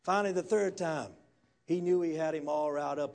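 A male preacher, delivering a church sermon as a folksy storyteller who swings from quiet murmurs to loud, fired-up preaching. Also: fairly high pitch, brisk. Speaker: guest pastor. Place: church sanctuary.

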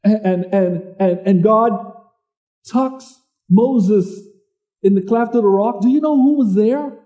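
Man, preaching, high-pitched, mellow, repeats himself, dull muffled sound. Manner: conversational preaching, repeats words, reads scripture slowly. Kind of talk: sermon.

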